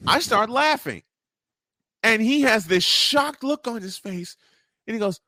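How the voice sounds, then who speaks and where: A man's voice: high voice, sing-song, a little slow, pauses often, pushed and bright, no room sound, studio quality. A man hosting a casual podcast interview, telling stories with animation, laughing easily and tripping over his words. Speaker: podcast host.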